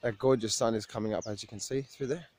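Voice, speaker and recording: A man's voice: fairly low pitch, fairly even intonation, quick pace, darkish tone. A man vlogging outdoors at sunrise, tired, rambling and upbeat, swearing often and laughing as he talks. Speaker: trading coach vlogger. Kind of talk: casual outdoor vlog.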